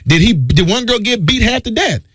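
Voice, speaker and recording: Animated high-voiced male radio host. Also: brisk, breathy edge, no echo, studio quality. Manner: emphatic, preachy, repeats key phrases. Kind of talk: talk radio monologue.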